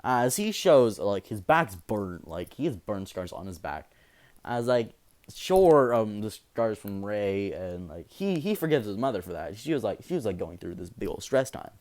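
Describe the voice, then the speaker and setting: Young man, rambling improvised storytelling, fillers, restarts, lowish voice. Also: big pitch swings, moderate pace, darkish tone. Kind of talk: improvised fan story narration.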